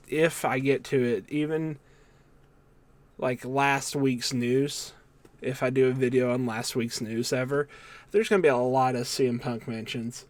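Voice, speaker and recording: A man's voice: medium pitch, no echo. A man hosting his own wrestling news channel, recapping the day's stories in a loose, casual way with lots of fillers and self-corrections.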